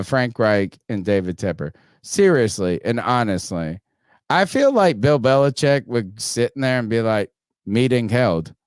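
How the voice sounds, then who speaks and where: A man hosting a sports podcast, riffing in a casual, profane and animated way. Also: medium pitch, clean tone, dry recording, studio quality. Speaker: podcast host.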